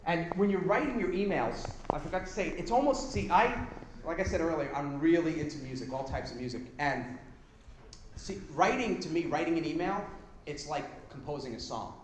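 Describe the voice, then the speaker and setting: A man giving a live workshop talk to an audience, casual, energetic and blunt, now and then swearing. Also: fairly high pitch, moderate pace. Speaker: seminar presenter. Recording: echoey room with background noise.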